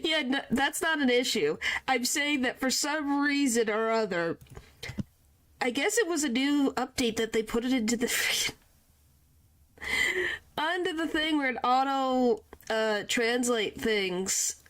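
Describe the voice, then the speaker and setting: A woman's voice: high-pitched, unhurried, fairly bright tone. A woman chatting casually with her chat while streaming a game, often exclaiming in surprise.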